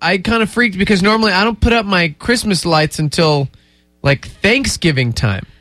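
A man's voice: sits high, expressive, a bit bright, no room sound, clean studio sound, faint music behind. A young man co-hosting a morning radio show, joking and teasing in casual banter, with a stuffy nose. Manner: joking, teasing, quick comebacks.

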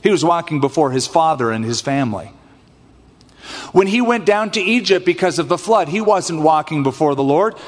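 Male pastor, higher voice, expressive sermon delivery, reverberant sanctuary sound. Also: moderate pace. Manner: expressive preaching that acts out scripture voices. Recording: long hall reverb.

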